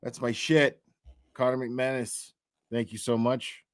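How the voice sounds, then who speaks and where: A man's voice: mid-range voice, flat delivery, slow. A man hosting a casual livestream, rambling loosely with lots of fillers and easy laughs. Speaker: livestream host.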